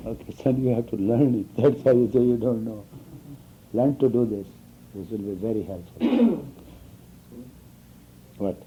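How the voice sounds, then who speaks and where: Unhurried and expressive, pausing often, a mid-range male voice tells students stories in an informal spiritual talk. The teacher chuckles and keeps asking "you understand?" A little hiss or hum runs through the dull lo-fi recording.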